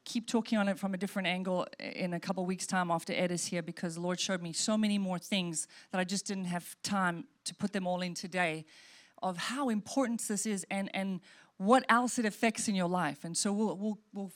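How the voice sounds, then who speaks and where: A woman's voice: medium pitch, steady tone, brisk. A woman pastor giving a sermon and altar call, earnest and repeating short phrases as she prays aloud. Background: soft music.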